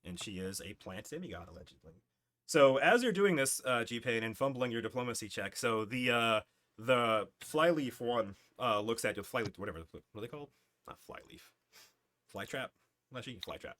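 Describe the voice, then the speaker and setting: A man's voice: medium pitch, lively intonation, normal speed, a bit bright. A man narrating a tabletop game as game master, loose and chuckling, correcting himself as he goes.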